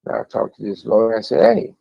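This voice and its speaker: Gravelly low-voiced man, lo-fi. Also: sing-song, quick pace. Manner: rambling, blunt, profane. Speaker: interviewee speaking from prison. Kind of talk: storytelling recollection.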